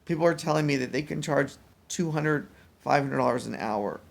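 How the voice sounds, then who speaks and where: A mentally exhausted man talking in a casual personal vlog, weary and rambling, with halting restarts. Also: fairly high pitch, creaky. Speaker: vlogger.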